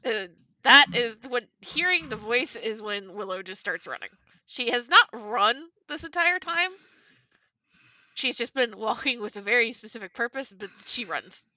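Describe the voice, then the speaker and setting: A woman's voice: on the high side, lively intonation, normal speed, sharp tone, no echo. A woman playing a tabletop game, chatty, describing her character's actions in the third person. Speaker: player. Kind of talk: casual game chat.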